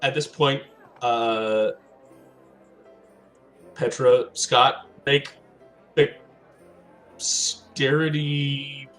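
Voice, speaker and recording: Meandering, unhurried male game master. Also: mid-range voice, steady tone, fairly bright tone, soft background music, rough recording. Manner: meandering, hedging with filler words, slows down on descriptions. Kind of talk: narrating a tabletop game.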